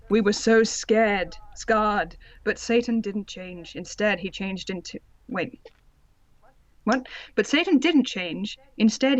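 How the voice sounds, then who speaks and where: A woman's voice: mid-range voice, no echo. Female co-host narrating, wry and sardonic; audio slightly muffled. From Britain. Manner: sardonic asides, laughing while reading. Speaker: podcast co-host and narrator of the reading. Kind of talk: comedic dramatic reading with commentary.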